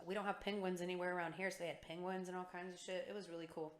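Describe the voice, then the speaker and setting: A woman's voice: lowish voice, flat delivery, racing, echoey room. A woman in her thirties co-hosting a casual podcast chat, talking in a laid-back way about her kids. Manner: laid-back, chatty, laughs along. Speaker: podcast co-host.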